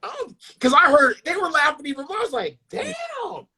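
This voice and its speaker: A middle-aged man, a stand-up comedian, telling stories in a profane, animated way, often restarting his sentences. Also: extremely high pitch, fast talker. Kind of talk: casual storytelling.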